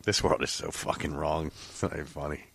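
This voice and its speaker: A man's voice: very deep voice, fairly quick, creaky, breathy edge, no room sound, clean studio sound. A man co-hosting a podcast in casual chat, ranting with lots of swearing. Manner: profane, animated ranting. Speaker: podcast co-host. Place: podcast studio.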